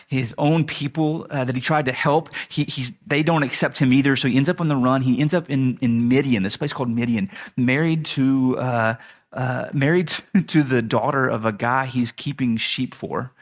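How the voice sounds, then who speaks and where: A man's voice: mid-range voice, moderate pace. A man giving a sermon as a pastor, retelling a story in a casual, humorous way with chuckles and restarts.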